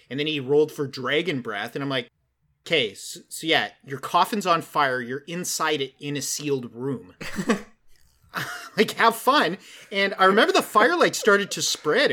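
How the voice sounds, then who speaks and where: A man hosting a casual talk, telling game-master stories with animated energy and many "like" fillers. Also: mid-range voice. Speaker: podcast host and game master. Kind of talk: casual storytelling chat.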